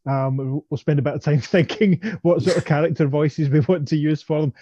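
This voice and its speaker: A man's voice: fairly high pitch, steady tone, brisk, mellow, no echo, muffled recording. A man co-hosting a podcast, chatting casually with frequent laughs and restarts. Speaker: podcast co-host. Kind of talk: casual chat.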